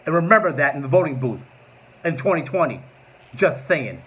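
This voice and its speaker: A man's voice: a little high, big pitch swings, moderate pace, long pauses, a bit bright. A man in his forties ranting to camera in a political vlog, combative and mocking, with sarcastic asides. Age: 40s. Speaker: political vlogger.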